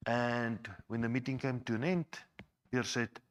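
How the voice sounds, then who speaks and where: A man's voice: medium pitch, fairly even intonation, measured pace. A man giving a personal testimony to a church, conversational and repeating words as he goes. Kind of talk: personal testimony told to a congregation.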